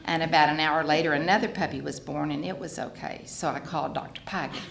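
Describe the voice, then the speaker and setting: An older woman telling her personal recovery story in an animated way, laughing often as she speaks. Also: sits low, fast, gravelly, hardly any pauses, background noise. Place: meeting hall. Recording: echoey hall, faint ambience.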